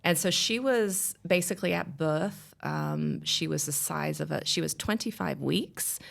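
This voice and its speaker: A woman's voice: low voice, a little slow, vocal fry. A woman in her thirties telling her family's story in a podcast interview, earnest and rambling with many restarts.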